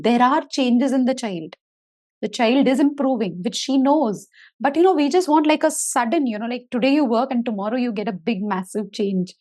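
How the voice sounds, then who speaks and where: A woman's voice: medium pitch, darkish tone. A woman in her forties, a therapist hosting a podcast, telling a story in a reflective, conversational way with many "you know" fillers. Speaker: podcast host and occupational therapist.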